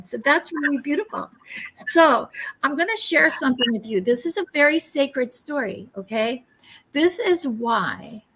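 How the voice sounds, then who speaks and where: A woman in her seventies, an elder guest on a live broadcast, sharing personal stories in a gentle, reflective way with frequent pauses and filler sounds. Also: on the high side, husky, rough recording. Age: 70s. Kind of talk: casual personal storytelling.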